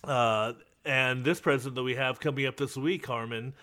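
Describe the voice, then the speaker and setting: A man hosting a podcast in loose, chatty banter, often breaking into laughter. His voice is bright and forward, at a middling pitch, and he rambles cheerfully between jokes. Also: fairly even intonation, normal speed. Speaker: podcast co-host.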